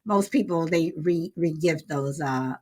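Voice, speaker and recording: A woman hosting a casual live show, talking haltingly with many fillers and repeated words. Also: sits low, darkish tone. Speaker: host. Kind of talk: casual live-stream chat, reading viewer comments.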